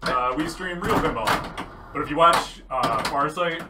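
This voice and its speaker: A man co-hosting a casual livestream, calmly answering a viewer's question while playing. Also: a little high, measured pace, echoey room. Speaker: co-host, pinball player. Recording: distant mic, loud arcade noise.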